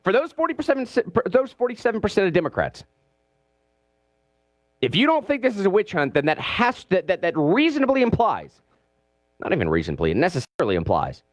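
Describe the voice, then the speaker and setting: A man hosting a political talk radio show from a studio, animated and sarcastic, mimicking the people he talks about. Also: sits high, brisk, pauses often, no echo. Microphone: studio mic.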